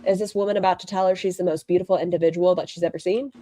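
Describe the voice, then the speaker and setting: A woman's voice: lowish voice, steady tone, racing, dark tone, slight background noise. A woman hosting a live stream, reacting to a clip with blunt, sarcastic commentary and frequent swearing. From northern United States near the Canadian border. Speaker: livestream host reacting to clips.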